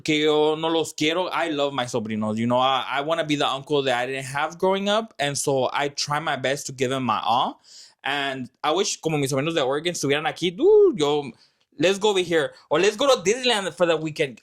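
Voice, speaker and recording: Young male vlog host, quick and casual, slightly high, swears freely. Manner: animated storytelling, lots of fillers and swearing. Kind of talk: casual chat.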